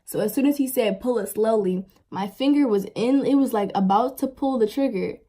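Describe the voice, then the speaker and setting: A woman's voice: fairly high pitch, a little fast. A young woman vlogger telling a story in a casual, rambling way, full of fillers. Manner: rambling, filler-heavy, animated retelling.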